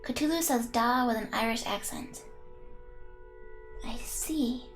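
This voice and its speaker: High-voiced playful woman streamer. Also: takes it slowly, faint music behind. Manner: playful, chatty, giggly, talks to chat. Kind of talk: live game stream, reading game text aloud.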